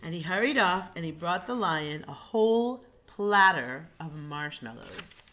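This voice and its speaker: A woman reading a picture book aloud in an animated way, pointing out the pictures to her listeners. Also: fairly low pitch, measured pace. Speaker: reader.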